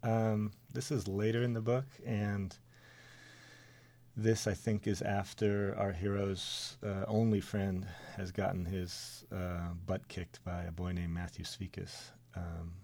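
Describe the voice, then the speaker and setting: Middle-aged guy, really low voice, reading his book on the radio, wry and chatty, dry studio sound. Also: level tone, slow, vocal fry, warm tone, no echo. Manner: wry and conversational, with some filler. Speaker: author and guest.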